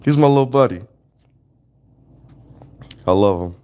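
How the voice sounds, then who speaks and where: A man in his thirties livestreams casually from home, telling stories to viewers in a loose, animated, profane manner. He has a medium pitch and a measured pace, and the audio sounds dull.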